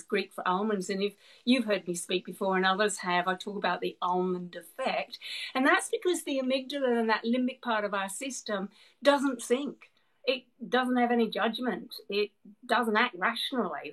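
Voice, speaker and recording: A woman with a New Zealand accent explaining things in a lively way. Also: fairly high pitch, rough recording. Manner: animated, laughs often, repeats words as she thinks. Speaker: guest expert. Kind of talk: explanatory interview answers.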